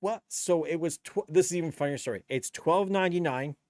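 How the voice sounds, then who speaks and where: A man's voice: a little high, a little fast, a little mellow, no room sound, clean studio sound. A man, a DJ chatting on his live stream in a blunt, rambling, profane way. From Canada. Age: 50s. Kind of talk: casual live-stream chat.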